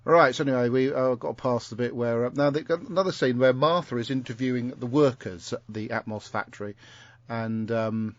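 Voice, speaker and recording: A man's voice: medium pitch, a little fast, no room sound. A man hosting a podcast at home, recapping an episode in a rambling, jokey way with lots of fillers. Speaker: podcast host. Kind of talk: casual chat recapping an episode. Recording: dull lo-fi dry sound.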